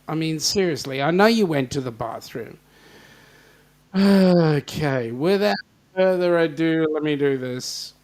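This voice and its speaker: A man's voice: fairly high pitch, animated, unhurried, darkish tone. An Australian man hosting a casual livestream chat, joking and greeting viewers by name. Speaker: host.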